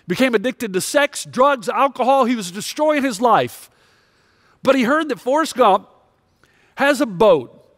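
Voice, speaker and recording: A man's voice: very high voice, a bit bright, no room sound, clean studio sound. A male pastor preaching a sermon with impassioned, confessional storytelling.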